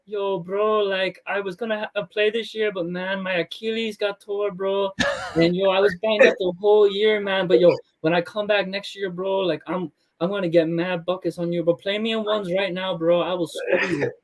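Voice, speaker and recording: A man's voice: sits high, steady tone, moderate pace, rough recording. A man imitating a boastful young male teammate who talks in slangy street speech. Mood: cocky.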